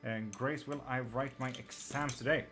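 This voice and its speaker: A man's voice: mid-range voice, steady tone, moderate pace, fairly bright tone, soft background music. A man with an Irish-sounding accent and a slight twang, hosting a live tarot stream in casual chat, blunt and swearing freely as he answers viewers.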